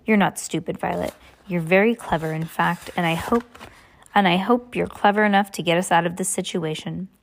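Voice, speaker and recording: Lady reading as a sharp bookish boy, insistent and explaining, low-ish voice, storybook reading. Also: steady tone, normal speed, vocal fry. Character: clever bookish boy, impatient, sharp-eyed.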